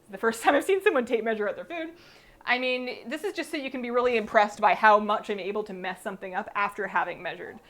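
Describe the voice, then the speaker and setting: A woman's voice: medium pitch, fast, fairly bright tone. A woman chatting casually while she bakes on a live stream in her home kitchen. She thinks aloud as she works and pokes fun at her own mistakes. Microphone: streaming mic through a mixer.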